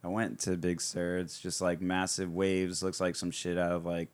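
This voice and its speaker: A man's voice: deep voice, completely flat delivery, moderate pace, clean tone, no room sound. A man on a podcast as a guest, telling rambling stories in casual chat and swearing a lot. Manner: rambling storytelling with lots of swearing.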